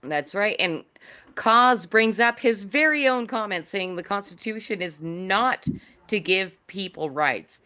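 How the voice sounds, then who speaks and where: A woman's voice: mid-range voice, animated, measured pace, pushed and bright. A woman hosting a talk show over a video call, playful and teasing, laughing often. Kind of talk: casual video call chat.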